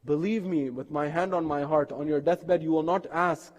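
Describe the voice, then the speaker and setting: Earnest high-voiced male preacher in a mosque. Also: fairly even intonation, moderate pace. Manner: earnest storytelling with rhetorical questions. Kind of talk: sermon. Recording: long reverb of a mosque hall.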